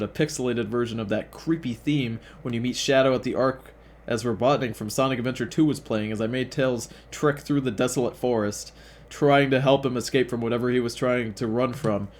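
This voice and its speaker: A young man reads fan fiction aloud in a voice of ordinary pitch. He keeps stopping to mock the story with crude, sarcastic jokes. A faint hiss of noise sits under his voice. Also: fairly quick. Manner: sarcastic, profane asides mocking the text. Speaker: fan fiction reader and host. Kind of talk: reading aloud with sarcastic commentary.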